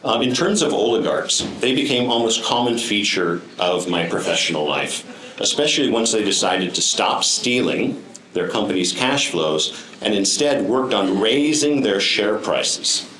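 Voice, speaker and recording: A man's voice: fairly low pitch, lively intonation, a little slow, a bit bright, roomy sound, low-quality recording. A man giving a prepared speech to a live audience, telling stories with dry, wry humor and frequent ums. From United States. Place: room with an audience.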